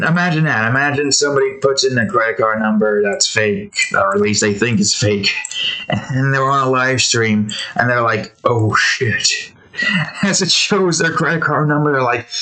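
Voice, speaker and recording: A man talking through a drawing session in a loose, casual way. He wanders from tangent to tangent with frequent chuckles and many trailing fillers. His voice sits at an ordinary middle pitch. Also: bright, forceful tone. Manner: rambling, laughing, meandering tangents. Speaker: artist and channel host.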